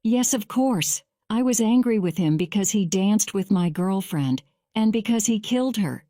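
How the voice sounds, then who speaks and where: A woman voicing a young man being questioned in court, speaking in a slow, measured storybook reading. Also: medium pitch, animated, warm tone, dry recording, studio quality, natural voice. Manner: measured, slow graded-reader delivery.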